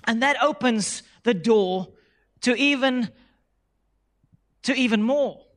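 A man's voice: extremely high pitch, unhurried, pauses often, fairly bright tone. A male pastor preaching a sermon, emphatic, repeating phrases and calling the congregation to say lines back with him.

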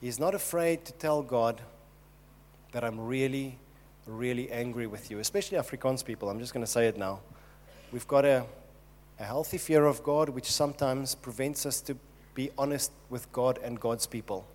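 A man's voice: medium pitch, moderate pace, a little mellow. A man preaching a sermon, earnest and emphatic, speaking directly to his congregation. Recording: long hall reverb.

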